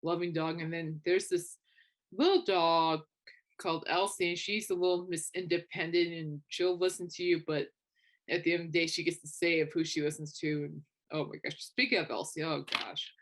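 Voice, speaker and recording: Young woman podcaster, casual chatty storytelling, a bit low-pitched. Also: normal speed. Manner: chatty storytelling with animated quoted asides. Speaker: podcast host. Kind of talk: casual chat.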